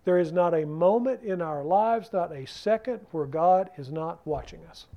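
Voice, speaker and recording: A man's voice: sits high, expressive, moderate pace, muffled recording. A man teaching a Bible study in a church class room, talking conversationally and keeping the group involved by asking them questions.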